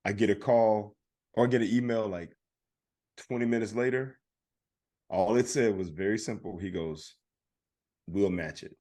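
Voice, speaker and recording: A man's voice: on the low side, moderate pace, long pauses. Man, podcast co-host, casual storytelling, mimics other people as he goes. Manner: animated storyteller, acts out other people's lines.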